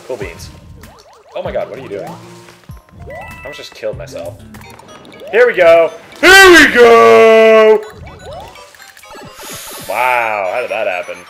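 A young man casually commentating a video game, excitable and crude with sudden loud yelps. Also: lowish voice. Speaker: let's play gamer. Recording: game music under voices.

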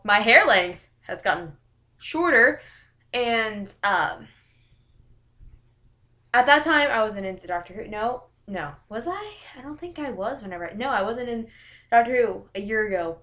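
Bubbly, animated woman vlogger. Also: a little high, unhurried. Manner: giggly, rambling, self-correcting. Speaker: YouTuber. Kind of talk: casual vlog chat to camera.

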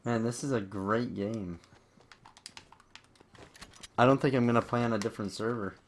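A man's voice: fairly low pitch, normal speed, slight background noise. A young man giving casual gameplay commentary as a channel host, talking straight to his viewers. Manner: chatty, addresses viewers as guys.

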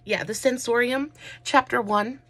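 A woman's voice: a little high, unhurried, a bit bright, no echo. A woman chatting through a makeup tutorial, rambling and gushing with lots of fillers. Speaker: makeup vlogger.

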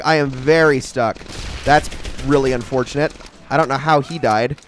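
A young man giving casual, excitable commentary while playing a shooter game, talking to himself and the enemies. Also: medium pitch, normal speed, a little hiss or hum. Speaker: gaming channel host.

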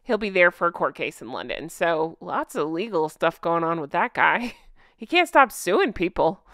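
A woman's voice: fairly low pitch, very animated, normal speed, a bit bright, dry recording, studio quality. A woman hosting a casual commentary chat, chatty and sarcastic, laughing often. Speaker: host.

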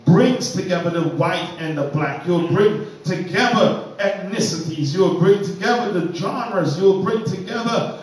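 A man's voice: sits high, a little slow. Fervent praying man in an echoey church. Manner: fervent, rhythmic, repeating phrases in litany. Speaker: minister leading prayer. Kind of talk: opening prayer at a Bible study. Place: church, indoors. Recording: very echoey church room, mic far off.

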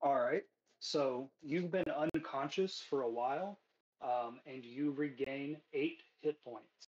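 A man's voice: medium pitch, slow pace, darkish tone, highs cut off. Casual male game master. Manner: casual, loose, many fillers. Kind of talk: narrating a tabletop game.

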